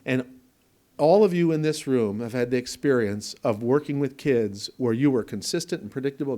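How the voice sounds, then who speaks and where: A man's voice: medium pitch, brisk, warm tone. A man presenting to an audience in a room, explaining ideas conversationally with examples and asides, and repeating words for emphasis. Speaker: presenter at a training event. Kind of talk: conference lecture.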